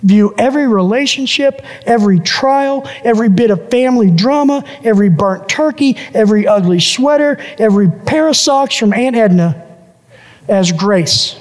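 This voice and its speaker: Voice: mid-range voice, animated, moderate pace, a little mellow, big-room sound. A pastor preaching a sermon who builds each point through repeated lists and phrases.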